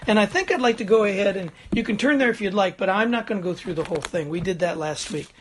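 A man's voice: high-pitched, fast. Older man, pastor, folksy chatty sermon, chuckles, checks in with the congregation, standing at the front. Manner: chatty, chuckles, frequent "Amen?" and "Okay?" check-ins.

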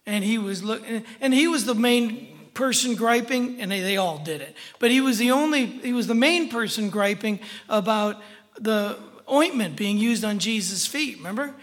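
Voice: mid-range voice, normal speed. A preacher teaching through a Bible passage in a conversational, emphatic way, often checking in with the listeners. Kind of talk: sermon, verse-by-verse Bible teaching. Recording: long hall reverb.

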